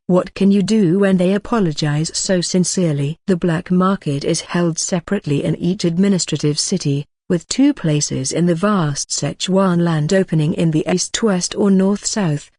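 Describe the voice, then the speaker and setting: Even, matter-of-fact audiobook narrator. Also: medium pitch, no echo, studio quality. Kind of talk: scripted narration.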